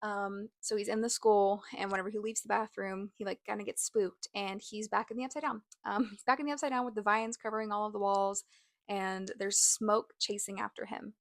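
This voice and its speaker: A woman hosting a casual TV recap vlog, talking in a chatty, animated way with lots of "like" fillers. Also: mid-range voice, fairly quick, gravelly, no room sound, studio quality. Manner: animated, exclaims and laughs. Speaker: show recap host.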